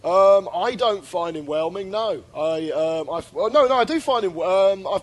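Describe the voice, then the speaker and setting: A man co-hosting a comedy podcast, teasing and crude in quick-witted banter. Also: high-pitched, lively intonation. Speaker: podcast co-host.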